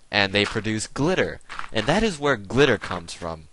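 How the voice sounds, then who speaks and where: A man's voice: on the low side, sing-song, normal speed, few pauses, noisy background. A young man rambling through jokey tangents while playing a video game. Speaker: gaming video host. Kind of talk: rambling let's play commentary.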